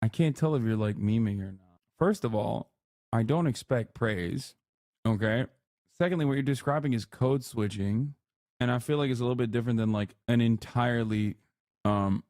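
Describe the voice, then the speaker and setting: A man's voice: mid-range voice, moderate pace, darkish tone, no room sound, clean studio sound. A male live streamer chatting casually and bluntly, reacting to viewer comments with sarcasm.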